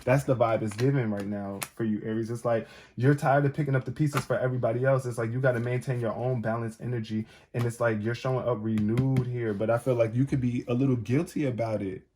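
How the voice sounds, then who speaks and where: A man's voice: medium pitch, fairly even intonation, fast talker, hardly any pauses, warm tone, slight background noise. A man giving a casual tarot reading to camera. He talks straight to the viewer and often says "it's like". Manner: casual, repeats "it's like", addresses the viewer directly. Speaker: tarot reader.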